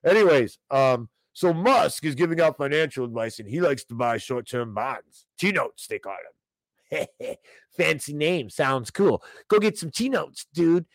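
Male host, casual stream commentary, animated rants at the chat, dry mic. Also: mid-range voice, measured pace, no echo. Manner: animated, ranting, talks straight to chat viewers. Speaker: host of a financial commentary show.

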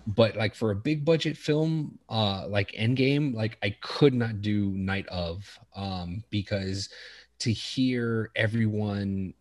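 Man, low-pitched, dry, casual podcast storytelling, swears. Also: slow pace, no room sound. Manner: animated storyteller, swears, acts out quotes.

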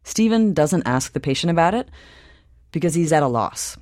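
A podcast host giving scripted narration in a measured storytelling manner. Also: medium pitch, lively intonation, a little mellow, no echo, studio quality.

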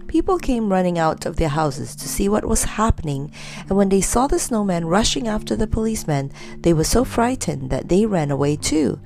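A woman reading a children's story aloud in a lively, expressive way. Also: medium pitch, normal speed, vocal fry, soft background music.

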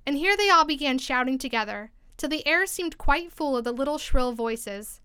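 A woman reading a classic storybook aloud with expressive, lively narration. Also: sits high, moderate pace, dry recording, studio quality. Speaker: storybook reader.

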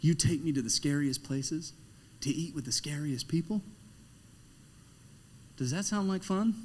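A man, the pastor, preaching a sermon in a conversational, emphatic way, swinging between hushed moments and loud, animated ones and asking the congregation rhetorical questions. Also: a little high, unhurried, a little hiss or hum.

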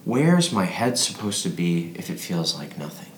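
A man's voice: sits low, very animated, moderate pace, roomy sound, slight background noise. A man playing a drunk friend who keeps asking odd, probing questions about where his self is. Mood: musing. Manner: rambling, probing questions, bursts into mock yelling. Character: drunk philosophizing man, Pete, playful and needling. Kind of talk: audio drama acting.

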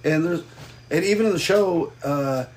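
A man's voice: a little high, moderate pace, rough recording. A man hosting a podcast in casual chat, joking and steering the talk toward plugs. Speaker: podcast host.

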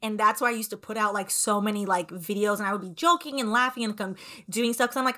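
A young woman, a former lawyer guest on a podcast, telling her story candidly and acting out quoted exchanges with animated energy. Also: medium pitch, fast.

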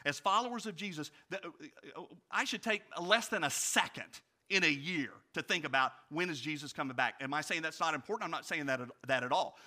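A male pastor preaching a sermon, asking his congregation direct questions and swinging from loud storytelling to quiet reflection. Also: fairly high pitch. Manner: animated storytelling, rising loud for anecdotes, dropping quiet for reflection.

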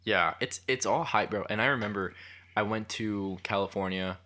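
A young man with a low but bright voice, chatting loosely on a podcast. He is easygoing, pokes fun at himself and drops "bro" into most sentences. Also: moderate pace. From Texas. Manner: easygoing, self-deprecating, says "bro" a lot. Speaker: podcast co-host. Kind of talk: casual chat.

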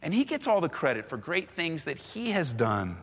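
A male pastor preaches with animated, emphatic repetition, mixing casual slang into his teaching. His voice sits a little high and rings bright and forceful. It carries the long reverb of a big church sanctuary. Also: moderate pace, husky. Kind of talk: sermon.

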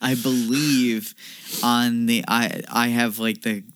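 A man co-hosting a casual film podcast, relaxed and dry in his comments, laughing along with his co-host. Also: mid-range voice, takes it slowly.

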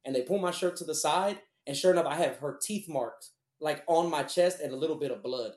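A man's voice: on the high side, brisk, darkish tone. Profane man, echoey room. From Houston, Texas. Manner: profane, blunt, rambling. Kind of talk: casual storytelling.

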